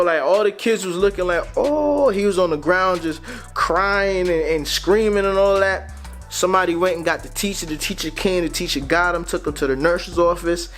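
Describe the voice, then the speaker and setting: A man's voice: fairly high pitch, fairly bright tone. A young man from Grenada with a Grenadian Caribbean accent mixed with American slang, telling a casual storytime in a loose, conversational way. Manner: loose and conversational, laid-back slang, frequent "you feel me". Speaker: vlogger.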